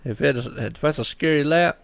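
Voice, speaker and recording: A man's voice: on the high side, brisk, creaky, slight background noise. A man commentating a live sim race on his own, chatty and rambling, repeating his words in a folksy, upbeat way.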